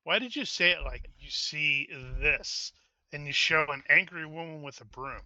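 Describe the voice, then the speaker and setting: A man playing in a tabletop game, chatting casually with quick questions. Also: on the high side, animated, bright, forceful tone, dry recording, muffled recording. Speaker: player.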